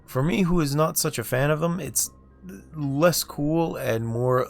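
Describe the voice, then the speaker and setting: A man's voice: a little high, measured pace, vocal fry, faint music behind. A man streaming a video game, chatting casually and musing aloud while he plays. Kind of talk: casual gameplay livestream chat.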